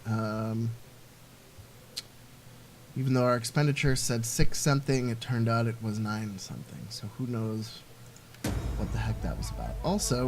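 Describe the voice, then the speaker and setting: A man's voice: medium pitch, a little mellow, a little hiss or hum. Rambling man narrating a strategy game. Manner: rambling, thinking aloud with many fillers. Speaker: let's play host. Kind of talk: casual gameplay commentary.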